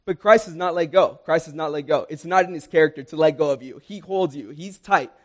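A man's voice: fairly high pitch, a little fast. Earnest young male preacher. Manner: earnest, emphatic, repeats lines for stress. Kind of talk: sermon.

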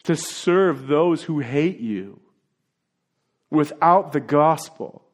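A male pastor delivers a sermon in a slightly higher-than-usual voice. His preaching is earnest, moving between low, quiet asides and emphatic, rising declarations. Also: expressive, drawn-out words.

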